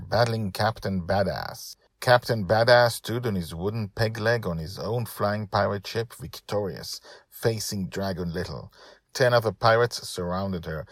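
This low-pitched man reads a storybook podcast he wrote himself, speaking with eager, rambling enthusiasm. The recording is dry, with a clean studio sound.

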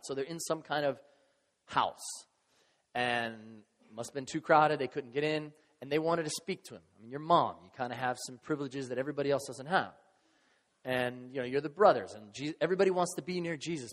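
A man preaching a sermon as pastor, in a conversational, animated way, acting out voices from the scripture he reads. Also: medium pitch, normal speed. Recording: long reverb of a large hall.

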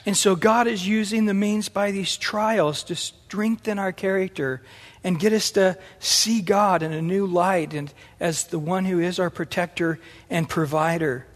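A middle-aged man preaching a sermon in an animated way, acting out the voices he quotes. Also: sits high, measured pace. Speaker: pastor. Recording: long hall reverb.

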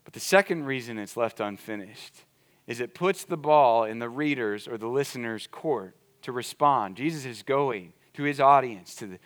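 A man's voice: mid-range voice, a bit bright. A man preaching a sermon as a pastor, earnest and emphatic, repeating his key points.

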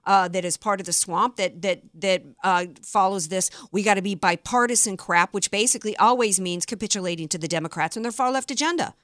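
A woman's voice: medium pitch, fairly quick, few pauses, fairly bright tone, dry recording. Woman radio host, sarcastic and indignant political monologue, dry close-mic studio sound.

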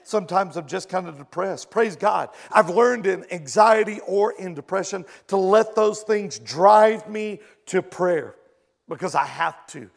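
A male pastor preaching a sermon in an animated way, acting out his listeners' reactions. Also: sits high, measured pace, vocal fry.

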